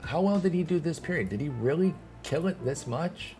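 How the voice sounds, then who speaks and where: A man's voice: fairly high pitch, lively intonation, normal speed, mellow, faint music behind. Heated young male game streamer. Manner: heated, rambling rant with restarts. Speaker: gaming streamer. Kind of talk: casual commentary to live chat.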